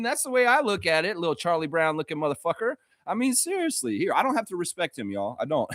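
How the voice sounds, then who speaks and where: Male fan-channel host, animated and profane, loud laughs, very expressive pitch. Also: no echo, clean studio sound. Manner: animated, profane, laughing, reads chat comments. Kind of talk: casual live-stream sports chat.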